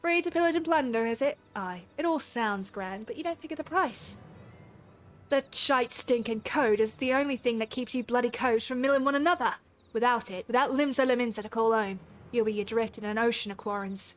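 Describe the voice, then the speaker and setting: A woman's voice: a little high, fairly quick, lightly acted. A woman voicing a proud male sailor who defends the pirate code, speaking in a stern put-on pirate accent.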